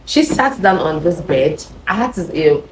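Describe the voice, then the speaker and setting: A young woman telling a personal story to camera in a chatty, animated way, repeating words and adding "you know" as she goes. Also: on the low side, normal speed, background noise. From Nigeria. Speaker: vlogger. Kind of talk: casual storytelling. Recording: echoey room.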